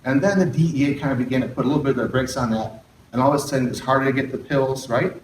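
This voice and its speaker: Rapid-fire and medium-pitched, a middle-aged man who works as a therapist gives an audience a frank talk on addiction recovery, regularly throwing out questions and sarcastic asides. There's slight background noise, and the roomy hall is recorded from a distance.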